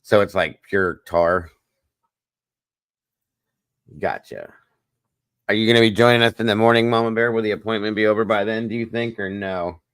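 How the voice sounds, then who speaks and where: A man with a low voice hosts a casual livestream, reading and answering viewer comments. He talks in a chatty, wired way, like someone running on too much coffee. The sound is dry and close, with no room echo. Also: fairly quick, a bit bright. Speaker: livestream host.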